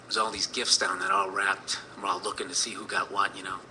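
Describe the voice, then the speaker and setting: A man's voice: low-pitched, level tone, quick pace, sharp tone, slight background noise, rough recording. A man in his thirties telling a personal story in a rambling, profane way, full of fillers.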